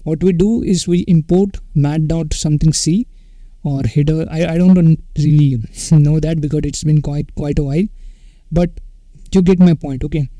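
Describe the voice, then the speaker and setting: A man teaching a coding tutorial in an unscripted, casual way, pausing with fillers and checking in with "okay" as he goes. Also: a little high, warm tone, dry recording, low-quality recording. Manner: unscripted, many fillers and self-corrections, says "okay" often.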